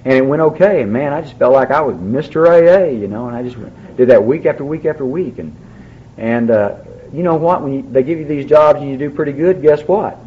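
Man, middle pitch, folksy recovery speaker with dry wit, muffled lo-fi tape with light hiss. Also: brisk. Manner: folksy storyteller, dry humor. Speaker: AA speaker sharing his story. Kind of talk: recovery meeting talk. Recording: dull lo-fi recording, faint background.

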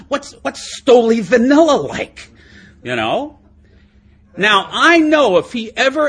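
A middle-aged man tells his story at a recovery meeting in a high, husky voice. His pitch swings widely as he jokes about himself and laughs along, with a lively, self-mocking delivery. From United States. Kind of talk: humorous personal talk.

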